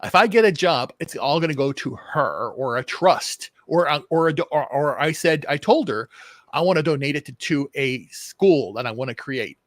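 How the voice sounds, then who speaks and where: A man's voice: on the high side, animated, moderate pace, dry recording. Rambling man with a dry, close sound. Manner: rambling, many restarts and repeated words, swears. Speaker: show host. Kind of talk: casual political chat.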